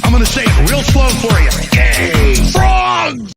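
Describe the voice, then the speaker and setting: A man impersonating a furious male conspiracy talk-show host, shouting and pounding out single words. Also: very high voice, sing-song, fast, over loud music, pitched above the performer's own voice. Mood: furious ranting.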